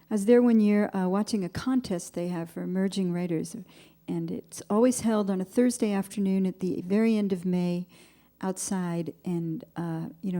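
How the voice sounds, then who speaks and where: A woman's voice: mid-range voice, warm tone. A middle-aged woman from New England, a singer-songwriter telling a wry, dry-humored story between songs on a performance stage. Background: guitar music.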